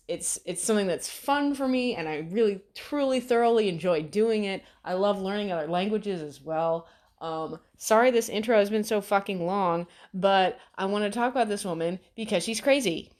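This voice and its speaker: An American woman doing casual commentary, blunt, mocking and full of swearing. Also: mid-range voice. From United States. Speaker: commentary vlogger.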